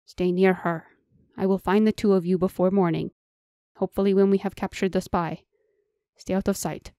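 A woman's voice: mid-range voice, steady tone, moderate pace, warm tone, no echo, studio quality, lightly acted. Stern elf voiced by a woman. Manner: clipped, serious, commanding. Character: stern, formal male elf warrior. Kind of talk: audiobook character voice.

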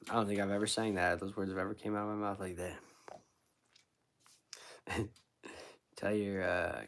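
A man's voice: fairly low pitch, little pitch movement, normal speed, fairly bright tone, slight background noise. Laid-back slangy man chatting on a livestream. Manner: laid-back, rambling, full of slang like dude and bro. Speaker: street musician. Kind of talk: casual livestream chat with viewers.

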